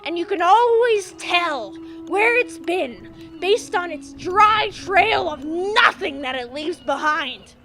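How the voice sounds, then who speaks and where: A boastful male sea captain with a high voice, pompous and theatrical. He declares things grandly in a comedy sketch. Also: expressive, takes it slowly, pushed and bright, faint music behind, heavily acted.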